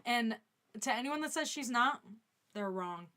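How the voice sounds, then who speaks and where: A woman co-hosting a live Q&A stream, with a bright, sharp voice set a little high. She talks casually and states strong opinions flatly. Her takes come quick and sure. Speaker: co-host.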